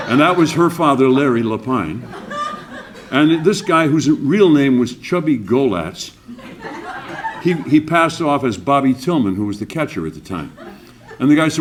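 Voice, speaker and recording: A man's voice: medium pitch, lively intonation, a little fast. An older man hosting an awards breakfast, telling a jovial anecdote and acting out the voices in it. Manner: jovial anecdotal storyteller, acts out quotes. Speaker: awards emcee. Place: banquet room.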